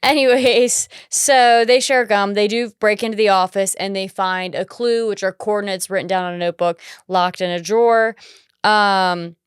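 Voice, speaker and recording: A woman's voice: mid-range voice, steady tone, normal speed, clear, resonant tone, dry recording. A woman co-hosting a casual movie-review podcast, recapping the plot in a laid-back way with dry, teasing asides. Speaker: podcast co-host.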